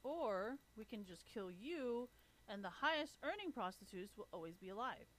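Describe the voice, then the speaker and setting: A woman's voice: mid-range voice, lively intonation, moderate pace. A woman on a livestream ranting with a profane, taunting, sarcastic manner. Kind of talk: livestream rant.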